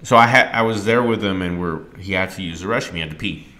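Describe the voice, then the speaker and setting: A middle-aged man hosting a podcast shares a candid personal story with earnest emotion, growing loud and animated as it unfolds. He has a deep voice and talks fast.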